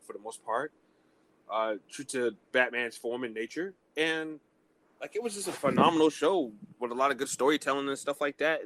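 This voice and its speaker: A man co-hosting a casual podcast, chatting in a relaxed way with fillers and the odd swear. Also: medium pitch. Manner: relaxed, easygoing fan talk with fillers and mild swearing. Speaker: podcast co-host. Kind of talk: casual chat.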